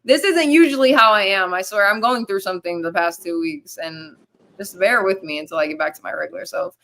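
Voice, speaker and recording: A woman's voice: mid-range voice, fairly quick, a bit bright. A woman hosting a casual online panel chat, defending herself and repeating words when pushed. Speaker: stream host.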